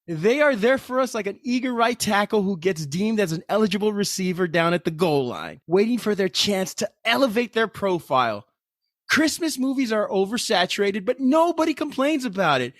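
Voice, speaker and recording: A man's voice: high-pitched, no echo, studio quality. A man in his thirties hosting a podcast, opening with a wry scripted intro and joking with guests. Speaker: podcast host. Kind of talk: scripted show intro, then casual chat.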